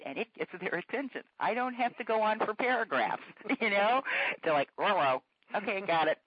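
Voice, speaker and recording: A man's voice: high voice, no room sound. A man hosting a casual chat about dogs, enthusiastic and agreeable. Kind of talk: casual conversation. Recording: muffled lo-fi sound.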